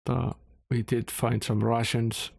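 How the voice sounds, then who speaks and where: A man plays through a game and reads its text aloud, dropping wry, understated remarks. His voice is gravelly and flat at a middling pitch. The recording is dry and close. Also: slow, no room sound. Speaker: game streamer. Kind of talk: casual gameplay commentary and reading game text.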